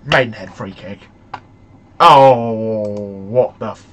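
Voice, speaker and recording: A young man commentating on a football management game, excitable and shouting at the match in frustration. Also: fairly low pitch, slow. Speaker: gaming YouTuber.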